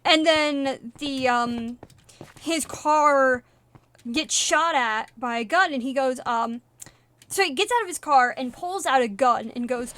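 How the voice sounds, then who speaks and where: High-voiced woman rambling while gaming. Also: slow, a little hiss or hum. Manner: rambling, animated retelling with filler words and swearing. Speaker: streamer. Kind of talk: casual live-stream chatter while gaming.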